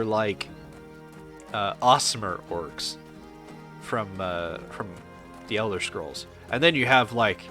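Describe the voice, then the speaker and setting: A man's voice: medium pitch, bright, forceful tone. A man chatting casually on a game stream, rambling and swearing as he answers chat.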